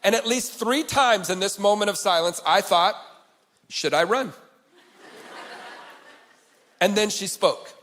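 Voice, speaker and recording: Male keynote speaker with a high voice, earnest and emphatic, heard in a big echoing hall. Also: takes it slowly, long pauses, a little hiss or hum. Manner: earnest, swings from quiet to emphatic. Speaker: conference speaker. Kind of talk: motivational keynote storytelling. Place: large conference hall. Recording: long hall reverb.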